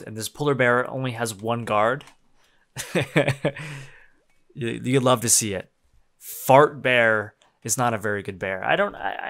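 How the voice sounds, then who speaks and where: A young man casually commenting on his own gameplay, swearing freely, laughing often and getting worked up. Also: medium pitch. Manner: profane, excitable, laughs often. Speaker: game streamer.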